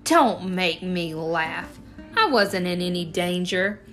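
A woman's voice: lowish voice, slow pace, fairly bright tone, faint music behind. A woman voicing a sneering boy bully. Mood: sarcastic. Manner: sarcastic, scornful.

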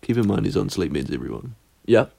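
A man's voice: low-pitched, big pitch swings, fast, creaky, dark tone, husky. A man co-hosting a podcast in casual chat over a video call, with dry teasing remarks. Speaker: podcast co-host.

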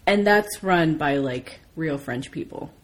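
An American woman chatting casually, telling a lively story and swearing freely. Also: deep voice, takes it slowly. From United States. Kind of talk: casual chat.

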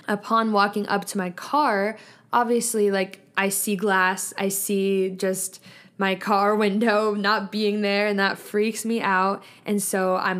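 A young woman talks through a casual solo podcast episode at a mid-range pitch. Her speech is chatty and earnest, full of "like" and loose restarts, and she keeps a reflective tone as she thinks aloud. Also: level tone, slow, fairly bright tone. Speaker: podcast host.

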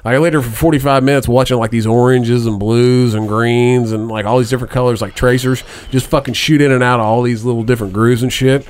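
A man's voice: mid-range voice, steady tone, clean tone. A man, a father in his thirties, talking casually and profanely with friends, stopping and restarting a lot. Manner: halting, profane, lots of fillers. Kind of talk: casual chat among friends.

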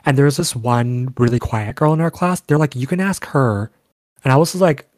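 Young man, chatty storyteller, mid pitch, dry recording. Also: fairly quick, no echo. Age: young adult. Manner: animated storytelling, frequent fillers. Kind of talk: casual chat.

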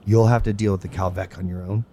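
A man voicing a grim male survivor who speaks in a low, measured, pleading way in a tabletop game. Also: fairly even intonation, mellow, highs cut off.

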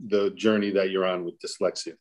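A man's voice: sits low, level tone, a little fast. A man moderating a live online panel of dads, talking in a loose, joking way with frequent restarts. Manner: rambling, jokey, with restarts. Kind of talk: casual panel discussion.

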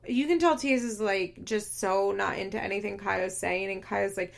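A young woman hosting a podcast, recapping a reality show in a casual, animated way, full of "like" and quick laughs. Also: medium pitch, creaky. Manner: animated, frequent "like", laughs often. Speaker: podcast host.

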